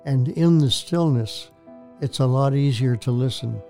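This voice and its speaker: A man's voice: mid-range voice, unhurried, dark tone, soft background music. An older man, a minister, telling his faith story to an interviewer in an earnest, preacherly way that repeats phrases for emphasis. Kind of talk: testimony in a Christian talk show interview.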